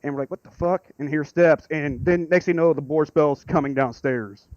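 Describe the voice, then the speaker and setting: Rambling, excitable man caller. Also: on the high side, a little fast, no room sound, highs cut off. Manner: rambling, excitable, swears freely. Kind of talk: casual storytelling.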